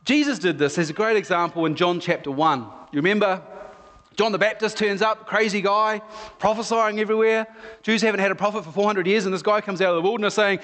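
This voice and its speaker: A male pastor delivering a conversational sermon full of retold stories. His fairly high voice carries through a large hall with a long, ringing reverb. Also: quick pace. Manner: conversational, storytelling, animated. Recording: echoey hall.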